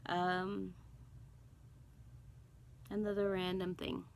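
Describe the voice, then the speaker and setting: This cross stitch vlogger draws out her words in a lowish voice that barely shifts in pitch, over slight background noise on a rough recording. A middle-aged woman born in Guyana and brought up in Brooklyn, New York, she talks casually to camera, meandering with ums, asides, and remarks to herself.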